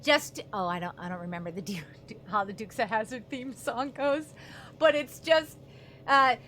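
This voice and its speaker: A woman's voice: a little high, moderate pace, a bit bright, slight background noise. A young woman streaming a game, rambling in a chatty, self-deprecating way as she plays. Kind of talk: casual gameplay commentary.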